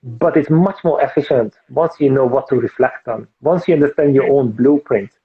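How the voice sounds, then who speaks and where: Male guest author, earnest explainer, mid pitch, heard through a tinny remote line. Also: moderate pace. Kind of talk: casual interview chat.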